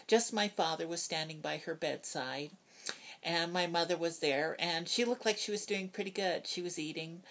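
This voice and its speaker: An older woman telling a personal story into a phone, earnest and halting, with many fillers and restarts. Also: low voice, a bit bright. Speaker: vlogger.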